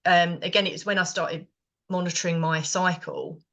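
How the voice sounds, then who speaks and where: A woman's voice: fairly low pitch, fairly even intonation, normal speed, fairly bright tone. Chatty middle-aged British woman. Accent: British English. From Britain. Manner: rambling, many fillers and restarts. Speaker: podcast co-host. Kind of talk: casual chat.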